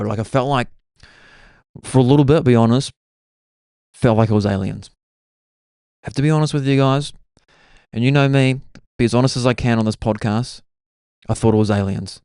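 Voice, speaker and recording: Rambling New podcast host, smooth dry voice. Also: male voice, medium pitch, darkish tone, no room sound. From New Zealand. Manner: rambling, peppered with "like" and "bro". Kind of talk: casual solo storytelling.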